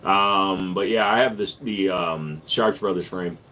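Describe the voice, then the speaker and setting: A man's voice: low-pitched, measured pace, hardly any pauses. Laid-back man answering livestream chat. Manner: relaxed and joking, louder when hyping viewers. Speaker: livestream host and gun store owner. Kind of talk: casual livestream chat answering viewer questions.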